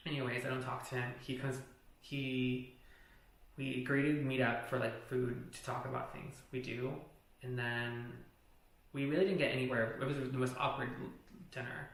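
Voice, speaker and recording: A man's voice: mid-range voice, level tone, normal speed, a bit bright. A man vlogging a personal story in casual, rambling talk, swearing often and saying "like" a lot. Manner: profane, rambling, heavy use of "like". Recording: echoey room.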